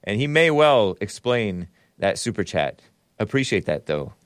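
A man hosting a casual solo talk show, his pitch jumping around as he rambles in a sardonic way. He chuckles at his own jokes and spells words out letter by letter. The sound is close and dry, with no room in it. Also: very animated, measured pace, no room sound. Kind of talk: casual solo commentary reading super chats.

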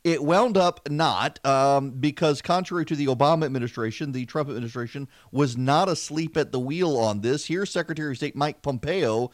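A man's voice: on the high side, moderate pace, hardly any pauses, no echo, studio quality. A man from the American South hosting a political commentary podcast, talking conversationally with wry asides and repeating words when he gets emphatic. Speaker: podcast host.

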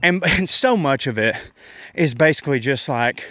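A man's voice: medium pitch, lively intonation, moderate pace, pushed and bright, no echo. A man, rambling through a casual, self-deprecating rant with frequent laughs while walking outdoors in a park, slightly out of breath. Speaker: comedian podcast host.

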